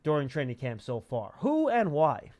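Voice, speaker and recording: A man hosting a casual sports talk show, chatty and quick, with many fillers and restarts. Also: fairly high pitch, wildly swooping pitch, darkish tone. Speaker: podcast host. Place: studio.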